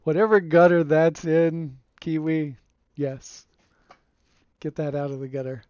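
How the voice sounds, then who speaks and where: A man streaming a game, giving relaxed, rambling commentary and chuckling often, recorded on a home streaming mic. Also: on the high side, measured pace, clean tone. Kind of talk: casual gameplay commentary. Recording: dull lo-fi dry sound.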